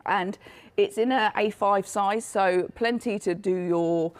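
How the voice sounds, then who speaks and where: A woman with a hoarse, failing voice, chattily presenting her craft collection on a live shopping show. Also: mid-range voice, takes it slowly. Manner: chatty, self-deprecating, laughs often. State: coughing, losing her voice.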